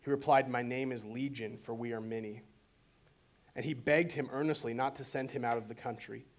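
A man preaching a sermon and telling the story in an animated way. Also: medium pitch, brisk. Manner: animated storytelling, voices quotes dramatically. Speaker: pastor.

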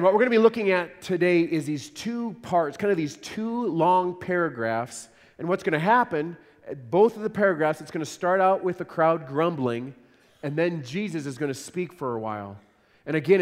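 A man delivers a sermon in an earnest, conversational way, doubling words as he works through a passage. His voice sits a little high for a man. The sound rings with the long reverb of a large church hall. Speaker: pastor.

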